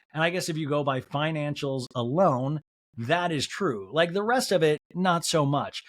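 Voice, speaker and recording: Guy doing a solo podcast recap, fairly high voice, talky and animated, does little impressions of people. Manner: chatty, animated, swears, mimics people in quotes. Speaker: podcast host.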